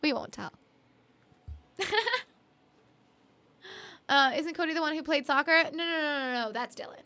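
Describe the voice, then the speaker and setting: A woman's voice: high voice, moderate pace, bright, forceful tone. A young woman from Canada chatting casually with viewers on her live stream, giggly and apologetic with lots of fillers. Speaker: streamer and singer-songwriter.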